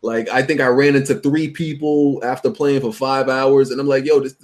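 A man's voice: mid-range voice, fairly even intonation, normal speed. A man in a casual gaming chat, telling stories with a wry edge. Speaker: podcast co-host.

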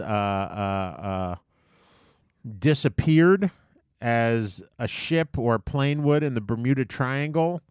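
A man in relaxed conversation, telling a story in a loose, rambling way and swearing often. His voice sits at an ordinary middle pitch. The recording is dry and close, with no room sound at all. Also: smooth, no echo. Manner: profane, rambling, with frequent filler restarts. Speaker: podcast co-host. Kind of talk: casual chat.

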